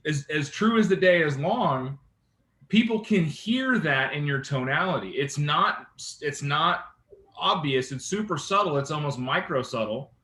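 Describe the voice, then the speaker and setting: A man coaching a sales team, his voice bright and a touch high. He talks in an animated way and keeps asking the room for agreement. The sound bounces around an echoey meeting room. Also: measured pace. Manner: animated, engaging, asks the room often. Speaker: real estate sales trainer. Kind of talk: sales training talk to a team.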